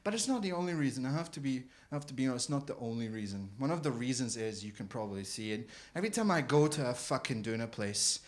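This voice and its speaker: A man doing a stand-up comedy set, animated and swearing, acting out little scenes. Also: medium pitch, quick pace, hardly any pauses. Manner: animated, swearing, acts out characters. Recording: live comedy club.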